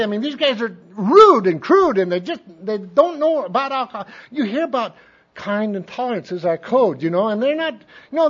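A man's voice: high voice, a bit bright, husky. A man telling a long rambling story from his own life to a group, in a folksy way, acting out other people's voices and laughing as he goes. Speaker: speaker sharing his recovery story. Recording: dull lo-fi recording.

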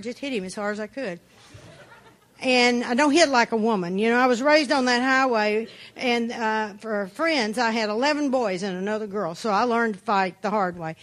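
A woman giving a personal testimony talk, telling her story bluntly and plainly with dry humor. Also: a little high. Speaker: speaker sharing her recovery story.

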